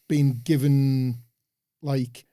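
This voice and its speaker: Mellow man giving opinions. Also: medium pitch, level tone, very slow, no room sound, clean studio sound. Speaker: podcast co-host. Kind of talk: casual analysis of a wrestling show.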